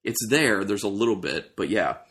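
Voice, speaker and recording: A man's voice: on the low side, animated, moderate pace, fairly bright tone. A man hosting a casual beer tasting, describing aroma and flavor as he thinks aloud. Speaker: beer reviewer host.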